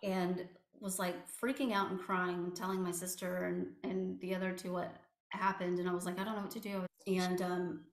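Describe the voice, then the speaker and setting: A woman recounting a painful personal story as an interview guest, halting and full of fillers and restarts. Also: on the low side, little pitch movement. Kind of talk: personal testimony. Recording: echoey room.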